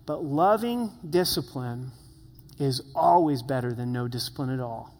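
A man's voice: mid-range voice, lively intonation, measured pace, a little mellow, in a large hall. A man preaching a sermon as pastor, earnest and conversational, asking the listeners questions.

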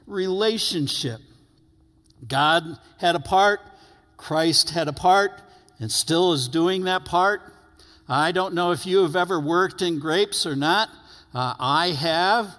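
A man preaching a sermon as pastor, earnest, stretching key words and letting phrases fall to quiet endings. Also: high voice, slow pace. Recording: long hall reverb.

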